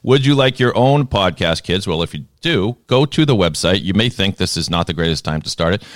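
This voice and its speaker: A man's voice: sits low, expressive, a little fast, no echo, studio quality. A middle-aged man hosting a podcast, chatting casually and joking, with a frog in his throat. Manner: jokey, talkative, breaks off mid-phrase. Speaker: podcast host. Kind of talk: casual interview chat.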